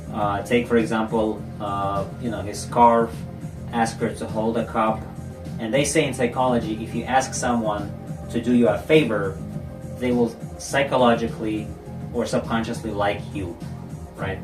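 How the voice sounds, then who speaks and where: A man lectures a class as a dating coach, walking through examples and checking in with "right?" after each point. He sounds set back from the mic in a roomy, echoing space, with clear music playing underneath. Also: mid-range voice, distant mic.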